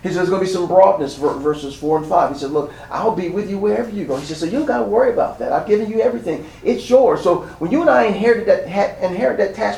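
A man's voice: high-pitched, vocal fry, darkish tone, reverberant, distant mic, slight background noise, rough recording. A man preaching a sermon as pastor, building his points with emphasis and repetition.

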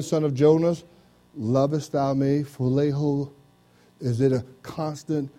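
A pastor preaching an interactive sermon, trading lines with a volunteer from the congregation, dropping "amen" and "praise the Lord" throughout, and reading scripture in a slow, drawn-out King James cadence. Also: medium pitch, dark tone. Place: church.

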